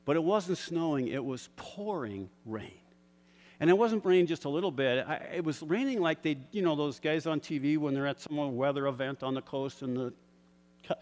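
A man delivering a sermon in a slightly high voice, shifting between hushed reflection and rising, fervent exhortation. His words ring out with a long reverb in a large hall. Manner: builds from soft reflection to shouted fervor, with laughs. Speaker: preacher.

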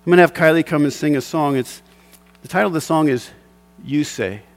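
A middle-aged male pastor with a somewhat high, gravelly voice that crackles with fry. He preaches with passion and keeps breaking into laughing asides as he tells a tale from his past. The delivery is a lively sermon. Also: a little fast. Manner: impassioned preaching with chuckling asides. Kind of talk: sermon with personal storytelling.

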